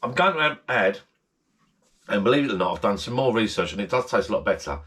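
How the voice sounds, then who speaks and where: A man's voice: fairly low pitch, lively intonation, fairly quick, a bit bright. Rambling man hosting a casual vlog. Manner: rambling, repeats himself, friendly direct address. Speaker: channel host. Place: backyard garden shed bar.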